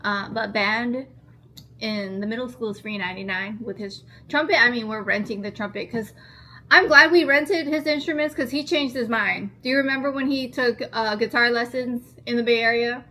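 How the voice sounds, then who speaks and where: Earnest woman in her 30s just chatting at home, says like a lot, kinda high voice. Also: moderate pace, bright, forceful tone. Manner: rambling, earnest, heavy use of "like". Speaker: vlogger. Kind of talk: casual chat to camera.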